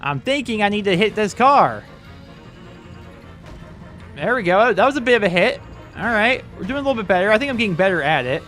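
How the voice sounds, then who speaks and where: A man talks his way through a game in a loose, rambling commentary, his slightly high voice swinging up and down as he exclaims at near misses. He sits at a desk mic, with faint game music underneath. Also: very animated, a little fast, pauses often, a bit bright. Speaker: gaming channel host. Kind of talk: casual let's-play commentary.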